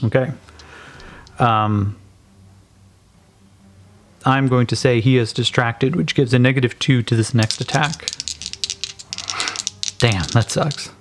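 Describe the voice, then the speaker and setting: A man's voice: medium pitch, slow pace, pauses often, slight background noise. A man narrating and playing a solo tabletop game, calling dice rolls casually and swearing now and then.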